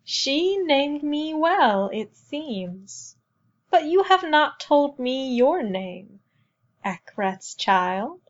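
A woman voicing a wise, fierce old woman elder, intoning blessings slowly and solemnly. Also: high voice, very animated, muffled recording, voice pushed up, exaggerated voice. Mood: warm, fierce.

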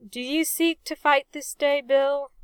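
A woman narrator puts on a beaten, formal old naval captain bargaining wearily. The pace is slow and the sound close and dry. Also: very high-pitched, steady tone, a bit bright, no echo, voice pushed up. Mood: defeated. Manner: formal, weary phrasing.

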